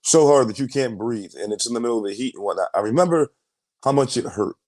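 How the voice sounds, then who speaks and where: A young man talks quickly and openly as an interview guest. His words tumble out in emphatic bursts, with frequent restarts and casual swearing. His pitch sits in a plain middle range. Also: expressive, darkish tone, no echo. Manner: fast, emphatic storytelling with profanity and many restarts. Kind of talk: candid storytelling interview.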